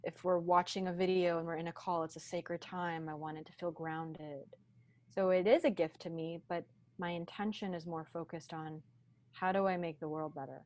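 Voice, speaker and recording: A woman guest in a podcast interview, speaking slowly and deliberately in a grounded, reflective teaching tone over a video call. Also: lowish voice, fairly even intonation, darkish tone. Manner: slow, deliberate, grounded delivery.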